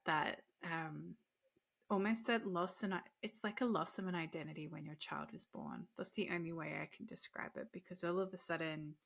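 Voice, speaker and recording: Low-voiced reflective woman host. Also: creaky, fairly bright tone. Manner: reflective, storytelling, affirming. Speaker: podcast host. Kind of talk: conversational interview.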